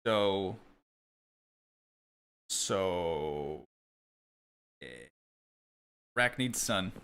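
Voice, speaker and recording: A young American man streaming a game, chatting casually with viewers and thinking out loud as he plays. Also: deep voice, expressive, very slow, clean tone. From United States. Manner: rambling, thinking aloud, talking to chat. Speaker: gaming streamer. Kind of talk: casual live gameplay chat.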